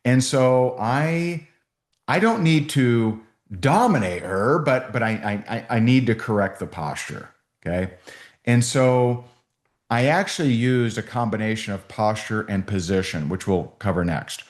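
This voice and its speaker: A man's voice: mid-range voice, animated, unhurried. A man giving a sales training talk, telling stories and acting out both sides of phone calls.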